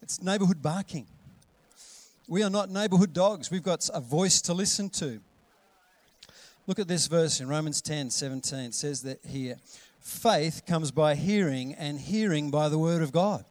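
Animated man preaching a sermon. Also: on the high side, moderate pace, no echo. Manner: animated, acts out voices with big loud calls. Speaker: pastor.

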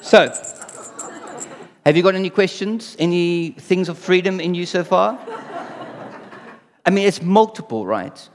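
A man's voice: high-pitched, lively intonation, measured pace, pauses often, slight background noise. A man preaching a sermon in a conversational way, often asking the audience rhetorical questions. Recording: long reverb in a hall.

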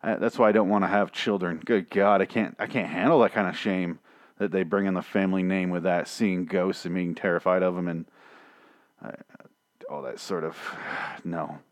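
A man's voice: sits low, fairly even intonation, moderate pace, no echo. A man reviewing a TV show in a rambling, profane, sarcastic casual rant.

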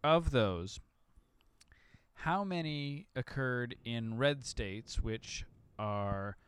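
A man's voice: mid-range voice, expressive, extremely slow, smooth. A man co-hosting a podcast, talking casually with frequent restarts. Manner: conversational, hesitant restarts. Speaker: podcast co-host. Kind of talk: casual chat.

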